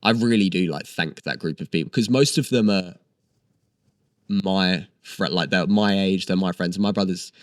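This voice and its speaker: A man's voice: low-pitched, moderate pace, no echo, studio quality. A man, chatting eagerly as an actor guest in an interview. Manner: chatty and enthusiastic, with many fillers. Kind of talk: casual interview chat.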